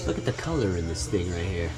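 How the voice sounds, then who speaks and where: A man's voice: deep voice, big pitch swings, fast talker. A man vlogging as he wanders through an indoor flea market, chatting easily and musing about what he sees. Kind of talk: casual walkthrough narration. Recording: music playing behind. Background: music playing in the store.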